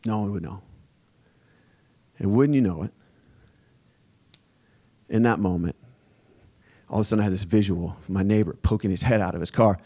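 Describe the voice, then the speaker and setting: A male pastor preaching a sermon as a relaxed, conversational personal story. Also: on the low side, brisk, pauses often, husky. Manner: casual, conversational storytelling with fillers.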